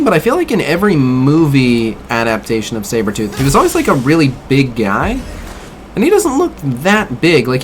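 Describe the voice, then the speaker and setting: A man with a slightly high voice streams a mobile game over a little hiss or hum. He chats in a relaxed way, critiques the game a bit and answers his viewers.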